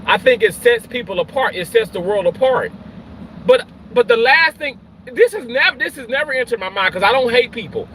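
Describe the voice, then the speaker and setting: A man who works in healthcare, ranting in an emotional vlog, swinging from loud yelling to quiet, halting talk, often repeating himself and swearing. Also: very high-pitched, lively intonation, slight background noise, poor audio. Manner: repeats and restarts phrases, swears. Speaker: healthcare worker.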